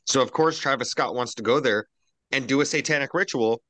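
A man's voice: mid-range voice, brisk, sharp tone, no room sound. A man on a casual roundtable podcast, ranting profanely and animatedly while drinking.

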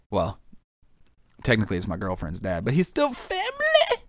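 Low-voiced man rambling over the news. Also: no room sound, clean studio sound. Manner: rambling, joking, says "man" and "dude". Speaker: vlogger reacting to news. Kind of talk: casual reaction commentary.

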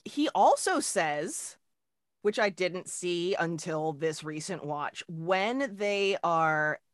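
A young adult woman co-hosting a casual movie podcast, telling stories in an animated, profane, exasperated way. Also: on the low side, slow, no echo, clean studio sound. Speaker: podcast co-host.

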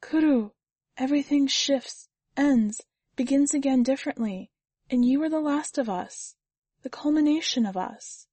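A woman reader voicing a gentle, wise mother who speaks softly and calmly with a slight tremble. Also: high voice, measured pace, no echo, voice pushed up. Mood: tender. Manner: soft, calm, slightly shaking.

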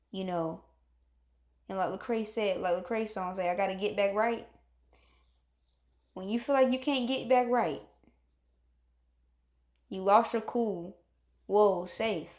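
A woman's voice: medium pitch, a little mellow, echoey room. A woman giving a casual motivational talk, earnest and encouraging, repeating herself and acting out moods as she speaks.

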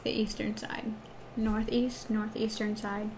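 A woman's voice: medium pitch, little pitch movement, a little slow, a little mellow, slight background noise. A young woman from Wisconsin co-hosting a casual chat, rambling through stories with many fillers.

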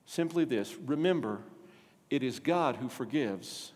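A male pastor preaching a sermon, animated and asking the congregation questions. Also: medium pitch, a little slow. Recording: long hall reverb.

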